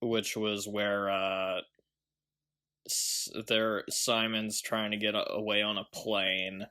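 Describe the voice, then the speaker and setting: A man's voice: on the low side, level tone, slow, bright, forceful tone, smooth. A man co-hosting a film review podcast, talking casually and rambling with frequent ums and trailing asides. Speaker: podcast co-host.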